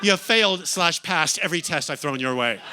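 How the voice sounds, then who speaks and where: A man's voice: a little high, expressive, fairly quick, background noise. A middle-aged American man doing stand-up in a comedy club, teasing the crowd in a camp, sardonic way. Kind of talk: stand-up set, crowd work.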